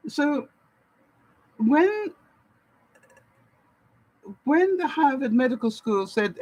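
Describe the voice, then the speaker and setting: A woman's voice: high voice, sing-song, very slow, long pauses, darkish tone, no room sound, low-quality recording. Canadian woman vlogging advice, laughs a lot, acts out quotes, dry close sound. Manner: chatty, laughs often, acts out quoted lines. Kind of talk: casual advice talk to camera.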